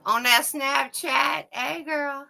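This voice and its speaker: A woman, co-hosting a casual livestream chat, a loud, laughing, salty storyteller. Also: high-pitched, steady tone, takes it slowly, creaky, a crowd in the background, low-quality recording. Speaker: co-host.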